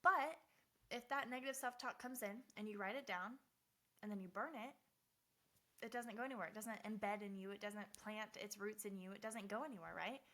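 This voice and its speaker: A woman's voice: mid-range voice, brisk, a bit bright. A woman in her twenties giving a heartfelt personal motivational talk, earnest and repeating phrases for emphasis. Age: 20s. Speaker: motivational speaker.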